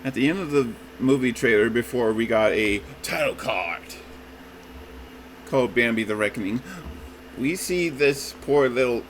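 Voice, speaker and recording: Slow, rambling man reviewing a trailer. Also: medium pitch, animated, a little hiss or hum, poor audio. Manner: rambling, often says "folks", restarts. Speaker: YouTube reviewer. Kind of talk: casual spoken movie trailer review.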